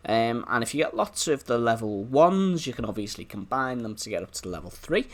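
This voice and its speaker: A man with a Liverpool accent talking through a game in a loose, rambling way, his voice rising and falling a lot. He sits at a middle pitch and keeps the chat friendly and casual as he plays. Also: big pitch swings, fairly quick. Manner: chatty, rambling, talks to in-game animals. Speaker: gameplay video host. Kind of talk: casual gameplay commentary.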